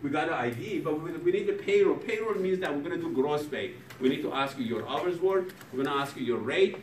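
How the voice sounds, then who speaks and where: A man's voice: fairly high pitch, animated, a little fast. A man lecturing a programming class in a non-native English accent, joking with students in broken English. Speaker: programming professor. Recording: echoey classroom from far off with noise.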